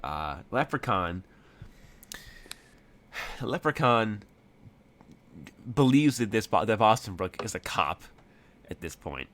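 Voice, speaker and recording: A man's voice: fairly low pitch, sing-song, slow pace, pauses often, a bit bright. A man narrating as game master of a tabletop game, rambling with frequent fillers and restarts.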